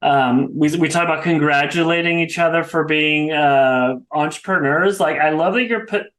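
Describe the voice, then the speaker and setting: A young adult man hosting a podcast in a relaxed, friendly way, with plenty of casual fillers. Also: fairly high pitch, normal speed. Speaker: podcast host. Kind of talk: casual interview.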